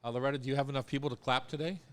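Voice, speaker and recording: Guy hosting a live radio show, relaxed rambling chat, lots of uhs. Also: medium pitch, very fast. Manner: rambling, easygoing, with many fillers. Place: live radio studio with small audience.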